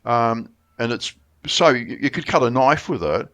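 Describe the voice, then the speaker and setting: A middle-aged Australian man chatting casually, telling a long story with many restarts and getting animated when he quotes people. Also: mid-range voice, normal speed, highs cut off. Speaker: friend sharing memories. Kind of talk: casual chat.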